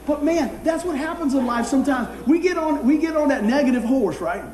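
A man's voice: extremely high pitch, lively intonation, a little fast, echoey room, crowd noise. A man preaching a sermon in a folksy way, telling a funny personal story and laughing as he goes.

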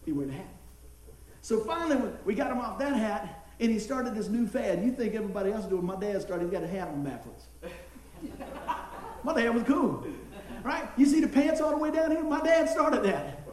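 A man's voice: high-pitched, moderate pace. A middle-aged man preaching a sermon, telling folksy stories and laughing along the way. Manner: folksy storytelling, laughing, animated. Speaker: pastor. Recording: echoey room, mic at a distance.

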